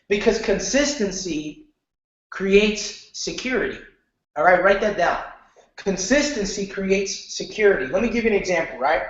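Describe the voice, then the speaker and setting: A man teaching an online marketing lesson in a casual, animated way, often checking in with "okay?" and slipping into slang. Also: high-pitched, normal speed. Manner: animated, repeats "okay?", loose slangy talk. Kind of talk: casual training lecture. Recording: very echoey, muffled room.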